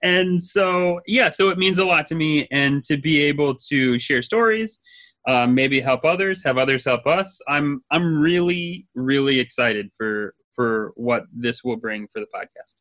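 A man's voice: a little high, measured pace, sharp tone, dry recording. A man in his thirties co-hosting a casual podcast, chatty, laughing easily and trailing off mid-thought. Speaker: podcast co-host.

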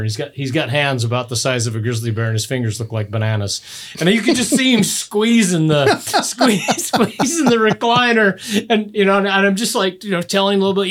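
Animated middle-aged man telling stories. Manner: animated storyteller, voice jumps high when excited. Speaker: podcast guest. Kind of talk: casual hunting podcast chat.

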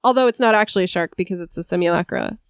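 A woman's voice: on the low side, rapid-fire, clear, resonant tone, no echo, clean studio sound. A woman co-hosting a film podcast, talking casually and analytically with plenty of ums and likes. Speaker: podcast co-host.

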